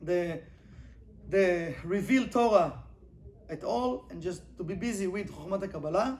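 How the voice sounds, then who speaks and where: High-voiced man teaching Kabbalah. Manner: animated, rhetorical questions, reads Hebrew quickly then translates. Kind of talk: informal class lesson.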